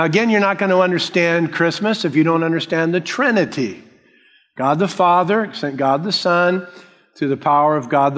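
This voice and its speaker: Slow emphatic pastor preaching in hall. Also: male voice, fairly high pitch, a bit bright. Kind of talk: sermon.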